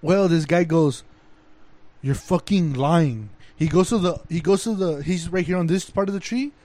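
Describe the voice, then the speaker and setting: A young man in casual podcast chat who tells stories in an animated way, swearing freely and saying "bro" a lot. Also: high voice, brisk, no room sound.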